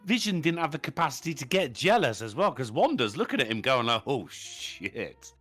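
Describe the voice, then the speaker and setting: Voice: mid-range voice, big pitch swings, quick pace, fairly bright tone, husky, faint music behind. A podcast co-host joking in a wry, teasing, playful way. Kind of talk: casual chat on a livestream podcast.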